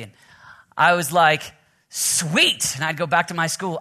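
A man in his thirties preaching a sermon, energetic and fast, often restarting his sentences. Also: fairly high pitch. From Oklahoma. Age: 30s. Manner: energetic, fast, self-interrupting with restarts and laughs. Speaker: pastor.

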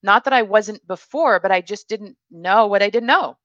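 A woman hosting a show, chatting in a relaxed and agreeable way with her guest. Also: medium pitch, moderate pace, dry recording, dull audio. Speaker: show host. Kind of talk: casual interview chat.

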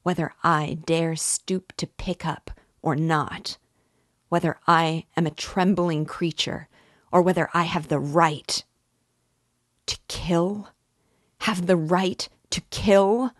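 A feverish, tormented young man pours out a self-justifying confession, read by a woman. The voice sits low and moves slowly, with a dry, close sound. It is an audiobook reading. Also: fairly even intonation, no room sound. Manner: intense confessional monologue.

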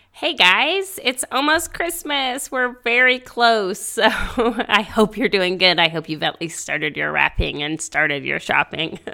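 A woman hosting a faith-based podcast, talking gently and reassuringly, repeating her key phrases. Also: on the low side, vocal fry. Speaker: podcast host. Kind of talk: faith-based encouragement talk.

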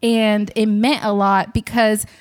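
A young woman chatting casually as a podcast host, animated and giggly, acting out quotes with big jumps in her voice. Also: mid-range voice, slow pace. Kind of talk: casual storytelling chat.

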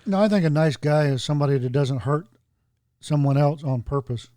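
A man's voice: on the high side, fairly quick, warm tone, dry recording, studio quality. A man co-hosting a casual podcast chat, thinking his points through aloud. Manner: thoughtful, reasoning aloud.

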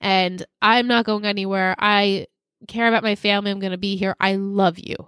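A woman co-hosting a podcast, recapping episode scenes in casual chat and slipping quickly into characters' lines. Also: mid-range voice, steady tone, fairly bright tone, smooth, no echo, studio quality. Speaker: podcast co-host.

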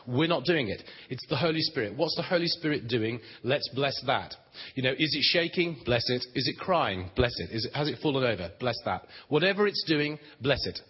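A man's voice: medium pitch, husky. A man giving a plain, conversational teaching talk on prayer at a Christian conference, with dry humor. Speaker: conference speaker on prayer ministry. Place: large conference hall. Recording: dull, reverberant hall recording.

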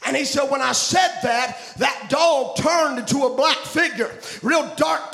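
A man preaching a fervent revival sermon, shouting and chanting in a sing-song style. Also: extremely high pitch, normal speed, creaky, hardly any pauses. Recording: roomy echo.

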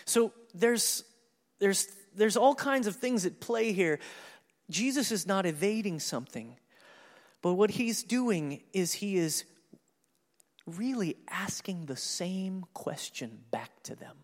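A man preaching a sermon, walking through a scripture passage and acting out the characters' lines in an animated way. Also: high voice, slow, in a large hall. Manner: animated, acts out scripture dialogue with laughs. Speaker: pastor.

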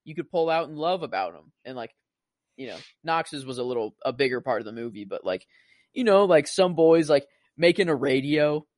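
A young man rambles excitedly through a movie chat as a co-host, peppering every sentence with "like" and "you know". His voice runs higher than most men's and swings widely in pitch, recorded dry and close. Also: normal speed, no echo. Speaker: podcast co-host. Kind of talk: casual movie-review chat.

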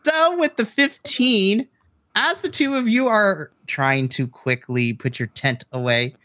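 A man's voice: high-pitched, animated, slow, bright, forceful tone, no echo. A man running a tabletop game, chatty and laughing often as he explains his rulings. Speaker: game master.

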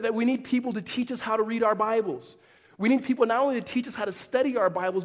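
A man preaching a sermon as pastor, animated, with frequent restarts. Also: high-pitched. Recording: long hall reverb.

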